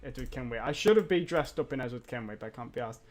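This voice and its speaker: A young man streaming a mobile game, swearing and ranting, dropping to mumbles and then shouting. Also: medium pitch, lively intonation, quick pace. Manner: foul-mouthed, ranting, swings between mumbling and yelling. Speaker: gaming streamer. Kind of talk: casual live-stream commentary.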